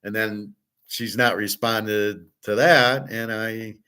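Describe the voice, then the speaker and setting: A man's voice: on the low side, steady tone, slow pace, pushed and bright, clean tone. A middle-aged man hosting a casual monologue, rambling and blunt, swearing freely. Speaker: host.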